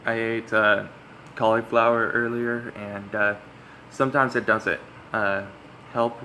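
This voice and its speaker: A young man with a raspy, monotone voice, casually commenting and reading aloud as he plays a visual novel, rambling with many fillers. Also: lowish voice, a little slow, slight background noise. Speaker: gamer playing through a visual novel.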